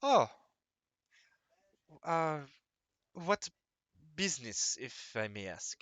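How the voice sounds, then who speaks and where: A game master voicing a stranger in a clumsy put-on French accent, halting and full of restarts. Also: medium pitch, very animated, fairly bright tone, exaggerated voice. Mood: curious.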